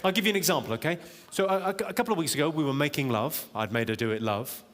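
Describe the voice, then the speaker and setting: A man doing live stand-up comedy in a large auditorium, deadpan and teasing the crowd. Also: a little high, quick pace, noisy background. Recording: echoey live hall, loud audience laughter. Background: audience laughter.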